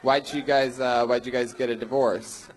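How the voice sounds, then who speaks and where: A man's voice: medium pitch, flat delivery, moderate pace, low-quality recording. A man hosting a live comedy show, mocking his guest with teasing questions on a club stage. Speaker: host. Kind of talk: live comedy roast interview.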